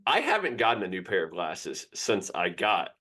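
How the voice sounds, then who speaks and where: Speaking in a deep, sharp-toned voice with big pitch swings, a young sports podcast co-host rambles through a frank personal story at a moderate pace in casual conversation.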